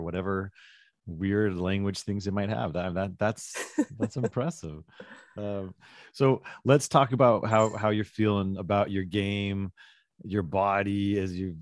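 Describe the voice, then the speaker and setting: Male podcast host, deep voice, dry wry humor, close dry sound. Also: no room sound. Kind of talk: casual podcast chat.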